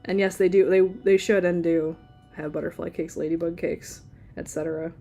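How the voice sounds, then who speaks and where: A woman's voice: lowish voice, steady tone, normal speed, warm tone, soft background music. A woman streaming live as she draws, chatting casually in a rambling, playful way and laughing often. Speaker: livestream artist. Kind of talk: casual chat while drawing.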